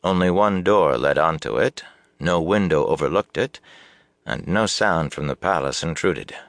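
A man reading a fantasy novel aloud as audiobook narration, with a measured, even storytelling delivery. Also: extremely low pitch, no room sound, clean studio sound. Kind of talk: scripted narration.

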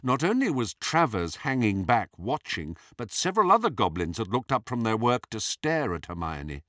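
A man reading a story aloud as an audiobook narrator, measured and expressive, voicing the characters as he goes. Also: mid-range voice, dry recording, studio quality.

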